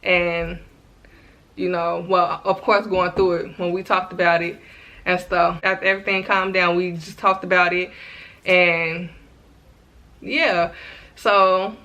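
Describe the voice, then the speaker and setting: A bright, crisp-toned young woman in her twenties tells a personal story in a casual vlog. She talks in an animated, chatty way and keeps turning to her viewers. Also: fairly low pitch, slow pace, pauses often, muffled recording. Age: 20s. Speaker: vlogger.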